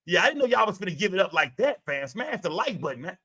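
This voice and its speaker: A man hosting a livestream, loud and profane, reacting to his chat in casual commentary. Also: high voice, sing-song, fast talker, breathy edge. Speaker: livestream host.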